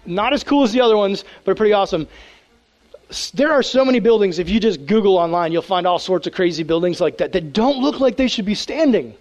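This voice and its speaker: A man, a youth pastor, preaching a casual, animated sermon to teens and acting out prayers in a hushed voice. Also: sits high, fairly quick.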